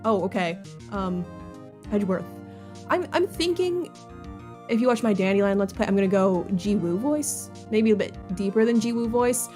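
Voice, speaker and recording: Young woman, casual game commentary, chatty and rambling, middle pitch, faint background music. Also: animated, moderate pace, mellow. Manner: rambling, chatty, giggly, many fillers. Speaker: let's play host.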